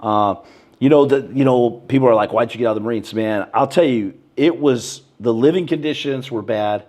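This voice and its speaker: Relaxed guy in his 30s telling war stories on a podcast, says bro a lot, middle pitch. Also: normal speed. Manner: animated, acts out quotes in a raised voice; laid-back, says bro and man a lot. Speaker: podcast guest. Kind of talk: casual storytelling interview.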